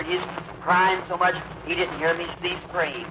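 A man preaches in a slightly high voice, telling his story slowly and emphatically. He acts out the other people's lines as he goes. The old recording is muffled, with a faint hiss. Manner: drawn-out, emphatic storytelling with acted quotes. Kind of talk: sermon storytelling.

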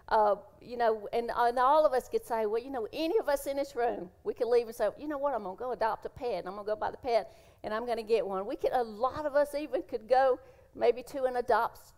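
A woman's voice: fairly high pitch, a little mellow. Earnest woman preaching. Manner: earnest, emotional, repeats phrases for emphasis. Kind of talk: sermon. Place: church.

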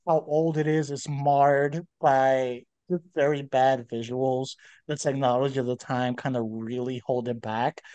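A man's voice: medium pitch, a little mellow. A man co-hosting a podcast in casual chat, rambling with fillers and restarts. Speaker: podcast co-host.

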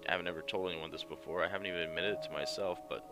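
A man's voice: low voice, steady tone, rapid-fire, natural voice. A man putting on a distraught young woman. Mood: pleading, distraught. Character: anxious, volatile young woman in love. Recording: game music underneath.

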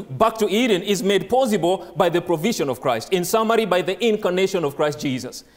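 A man preaching a sermon who does not speak English as his first language. He reads scripture slowly and stresses single words, and he puts questions to the congregation and then answers them. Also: high voice.

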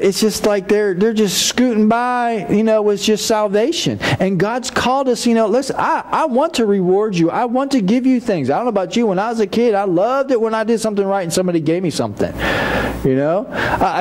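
A man's voice: sits high, a little mellow, slight background noise. A male pastor preaching a sermon in a folksy, conversational way, with frequent restarts and casual asides. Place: church.

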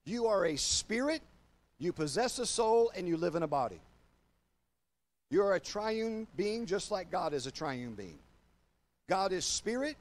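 An older man preaches in a notably high voice, addressing his church and viewers online. He builds to loud, forceful declarations, then drops down low and slows his pace to stress a point. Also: big pitch swings. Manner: emphatic preaching, swinging from loud declarations to low, slow confiding. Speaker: pastor. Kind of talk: sermon.

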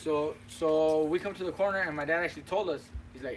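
Young male fighter, soft-spoken recounting, slightly higher voice, light background noise. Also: a little fast, low-quality recording. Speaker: boxer. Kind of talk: casual interview.

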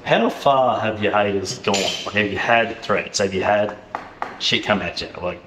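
A man with an Australian accent hosting a podcast in fast, matey casual chat, swearing often. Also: lowish voice, noisy background. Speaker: podcast host. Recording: echoey room, faint ambience.

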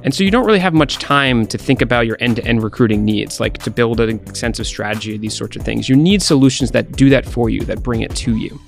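A man pitching a product in an upbeat, fluent conversational way. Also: brisk, vocal fry, few pauses, soft background music. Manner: upbeat, fluent sales talk. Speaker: guest in a sponsor segment.

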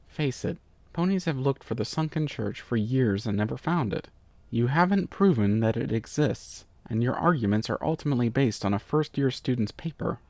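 A man's voice: mid-range voice, creaky, a little mellow, no echo, natural voice. Curt dismissive dean's letter, read by a man, dry close voice. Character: exasperated university dean writing a letter.

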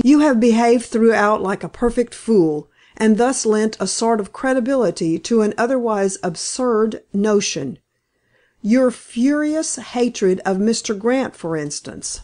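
A woman voicing a meek, measured detective. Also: on the high side, a little mellow, lightly acted. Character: meek, mild-mannered male detective, quietly sharp. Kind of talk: audiobook character voice.

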